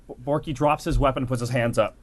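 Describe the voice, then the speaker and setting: A man playing a tabletop game, animated and chuckling. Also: medium pitch, quick pace. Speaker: player. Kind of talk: tabletop role-play.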